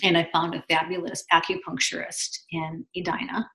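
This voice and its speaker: A woman in her fifties, a podcast guest telling her story in a chatty, animated way. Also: fairly low pitch, normal speed, creaky. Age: 50s. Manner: chatty, animated, acts out quotes. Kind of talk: casual storytelling. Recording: echoey room.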